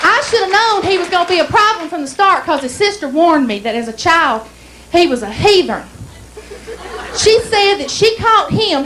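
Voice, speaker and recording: A woman's voice: very high voice, a bit bright, slight background noise, poor audio. A woman with an Alabama accent performing a stand-up comedy set on a club stage, telling folksy stories and acting out the dialogue. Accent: Southern US, Alabama. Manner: folksy storytelling, acts out dialogue.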